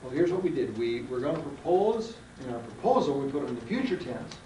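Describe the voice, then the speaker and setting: A man's voice: medium pitch, lively intonation, fairly quick, warm tone, slight background noise. A man teaching a research seminar, quizzing his students in a folksy, emphatic way, heard on an archival classroom recording. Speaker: seminar lecturer. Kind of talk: classroom lecture with questions to students. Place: lecture room. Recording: roomy archival classroom tape from a distance.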